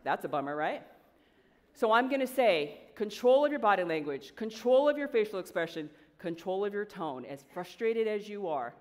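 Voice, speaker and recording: A woman coach giving an energetic motivational speech to students, talking conversationally and quizzing the audience. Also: medium pitch, normal speed. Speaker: coach and guest speaker. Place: large event hall with an audience. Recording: long hall reverb.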